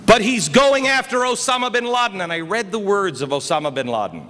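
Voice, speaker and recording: A man giving an emphatic political speech at a conference, his voice swinging between quiet and loud. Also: high voice, animated, brisk. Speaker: speaker. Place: conference hall. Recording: reverberant hall, faint noise.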